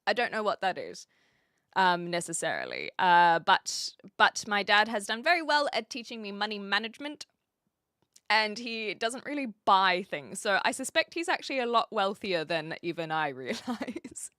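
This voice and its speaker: Lively bright-voiced New woman. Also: medium pitch, moderate pace, no room sound, clean studio sound. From New Zealand. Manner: chatty, lots of fillers and restarts. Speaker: streamer. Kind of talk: casual live-stream chat, reading and answering chat.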